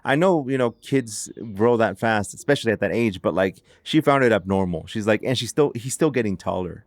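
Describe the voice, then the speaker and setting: Chatty low-voiced man telling a story. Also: expressive, fairly quick, no room sound. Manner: chatty, filler-heavy with many "like"s and restarts. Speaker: podcast host. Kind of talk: casual storytelling narration.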